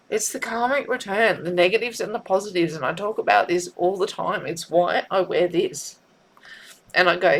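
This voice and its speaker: A woman, a tarot reader talking in a heartfelt, tearful way, often halting and repeating herself. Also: on the low side, gravelly, fairly bright tone. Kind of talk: emotional spiritual vlog.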